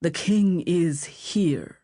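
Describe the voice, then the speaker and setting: A woman's voice: fairly low pitch, extremely slow, mellow, no room sound, clean studio sound, full character voice. Woman voicing a gracious old churchman. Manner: formal, courteous. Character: older male church deaconius, gracious and formal.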